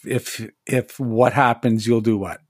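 Slow, dry-voiced male game master. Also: medium pitch, fairly even intonation, no echo. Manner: descriptive, with frequent restarts. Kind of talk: narrating a tabletop game.

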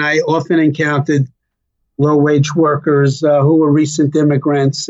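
An older man slowly recalling his family's story as an interview guest, pausing often with fillers. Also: a little high, a little mellow, muffled recording. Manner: slow, halting, many fillers. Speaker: interview guest, child of survivors. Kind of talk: reflective personal storytelling.

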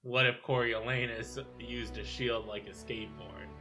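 A man in a relaxed podcast chat, chiming in with dry, teasing remarks and wry questions. He keeps his tone conversational and easygoing. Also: mid-range voice, normal speed, faint music behind. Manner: dry, teasing, mock-patriotic jokes. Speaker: podcast co-host. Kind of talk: casual chat.

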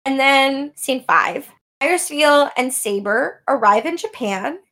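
A woman's voice: high voice, expressive, unhurried, pushed and bright. A woman co-hosting a podcast, chatting casually and animatedly, laughing often as she recaps an anime. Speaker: podcast co-host.

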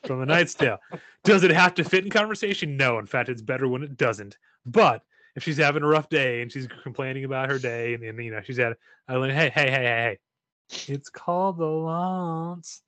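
A man's voice: mid-range voice, a little fast, sharp tone, dry recording. Guy in his 30s, jokey rambling podcast talk, mid voice, dead dry sound. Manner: joking, rambling with many restarts. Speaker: podcast co-host. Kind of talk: casual chat.

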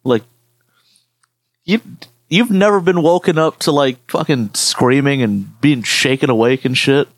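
A man's voice: mid-range voice, measured pace, no room sound. A man co-hosting a podcast, telling rambling stories in casual chat with lots of swearing. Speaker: podcast co-host.

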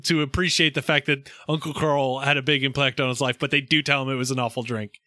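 A man co-hosting a podcast, casually summarizing a TV episode's plot and chiming in with quick agreement. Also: medium pitch, fairly even intonation, sharp tone, dry recording, studio quality. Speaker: podcast co-host. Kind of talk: casual chat recapping a TV episode.

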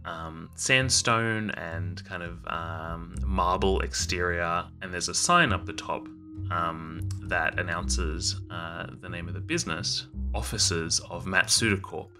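A man narrating his character's actions in a tabletop role-playing game, pausing often with fillers. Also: sits low, steady tone, music in the background. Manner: hesitant, with many fillers. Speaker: player.

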